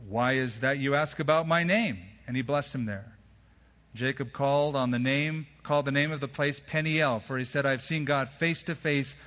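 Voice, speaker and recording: A preacher man with a bright, forceful, slightly high voice tells the story to his congregation, slipping into the characters' lines with casual modern phrasing. His voice rings with a long reverb in a large hall, and the sound is a little dull. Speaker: pastor. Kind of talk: sermon.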